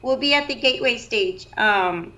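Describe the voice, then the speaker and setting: Bright high-voiced woman musician. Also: animated, normal speed. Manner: friendly, laughs often, mixes in Spanish. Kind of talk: casual radio chat.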